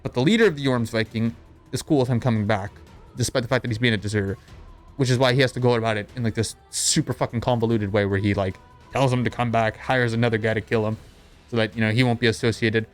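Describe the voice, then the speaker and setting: Over background music, a young male video narrator races through a comedic anime recap in a mid-range, steady-toned voice. His take is sarcastic, profane, irreverent and prone to rambling.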